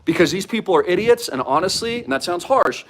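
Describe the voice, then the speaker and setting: A man in his thirties hosting his own investment channel, talking in an excitable, salesy rush full of fillers and mild cursing. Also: sits high, a little fast. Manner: excitable, salesy, heavy use of "like" and "freaking". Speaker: crypto investment channel host. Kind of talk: energetic hype monologue to camera.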